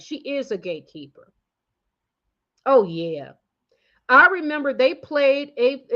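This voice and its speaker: As a channel host, a high-voiced woman launches into a loose, slang-filled rant about her opinions. She wanders through filler words and false starts, swinging from loud bursts to quiet, mumbled asides, and the audio comes across a bit muffled and lo-fi.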